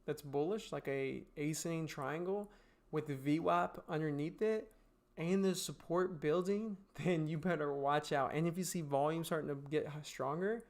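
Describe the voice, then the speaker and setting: A man's voice: on the high side, moderate pace. A man streaming while gaming, chatting casually with viewers, swearing, laughing, and giving blunt trading advice. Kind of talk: casual livestream chat answering viewer questions.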